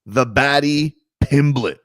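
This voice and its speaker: A man's voice: mid-range voice, slow pace, dry recording. A man hosting sports talk radio, joking around in a casual, rambling way. His voice sits in the middle range and is picked up close in a dead-dry studio. He fills his talk with "like" and "you know". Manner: loose, joking, lots of fillers.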